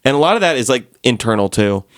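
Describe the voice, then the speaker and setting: A man's voice: mid-range voice, animated, fast talker, dry recording. A man hosting a casual studio chat, talking loosely with many fillers and frequent laughs. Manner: chatty, laughs often, lots of "like" fillers. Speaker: podcast host, musician.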